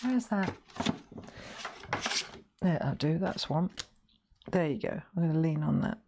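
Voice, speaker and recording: A woman's voice: sits low, animated, a little slow, noisy background. A middle-aged woman hosting a live colouring demonstration, chatty and encouraging as she talks straight to viewers. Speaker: craft show host.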